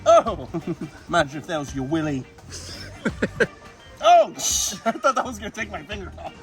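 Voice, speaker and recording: A man hosting a wildlife vlog outdoors, talking excitedly to his animals as he feeds them. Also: sits high, normal speed, soft background music. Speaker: wildlife vlogger and zoo keeper. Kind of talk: casual outdoor vlog narration. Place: outdoors at animal enclosures and a pond.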